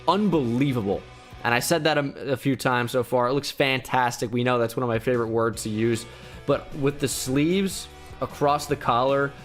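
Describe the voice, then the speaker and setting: A young man giving casual, opinionated commentary on a video, with lots of fillers. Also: medium pitch. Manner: relaxed, opinionated, many fillers. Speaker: gaming YouTuber. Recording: faint music behind.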